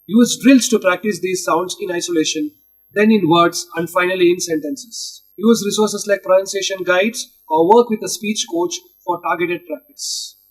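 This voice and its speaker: A husky man teaches by reading his notes aloud in a steady, list-like way. His voice sits high for a man. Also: moderate pace, rough recording.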